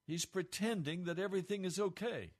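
A man's voice: high voice, fairly quick. A man preaching a sermon as pastor, earnest and blunt.

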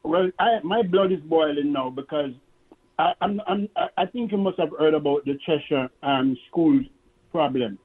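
A man's voice: fairly high pitch, slightly rough. Stammering male caller on a tinny phone line. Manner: halting, stammering with many repeated words. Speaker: radio show caller. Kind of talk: call-in radio talk.

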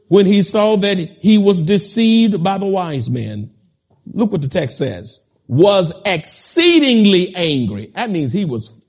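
A male preacher in full sermon, his voice sitting high and leaping wildly in pitch as he builds to impassioned peaks. He drags out scripture with heavy stress, then turns to the congregation and talks to them directly. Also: darkish tone, husky.

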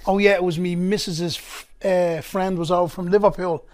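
A talkative Dublin man with a notably high-pitched voice, chatting as a podcast guest. He tells stories in rapid bursts, dropping local turns of phrase as he goes. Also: steady tone, a little mellow. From Ireland. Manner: chatty storyteller, rapid bursts, says "come here". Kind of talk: casual podcast chat.

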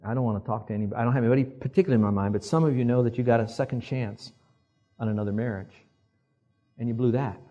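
A male pastor preaching a sermon, telling animated stories and acting out the quotes. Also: mid-range voice, racing, highs cut off. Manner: animated storyteller who acts out quotes.

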